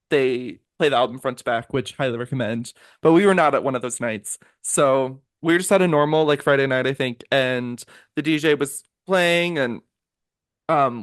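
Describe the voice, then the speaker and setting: Animated young man telling a story. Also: smooth. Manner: animated storyteller, lively swings in pitch. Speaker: podcast co-host. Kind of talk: casual chat.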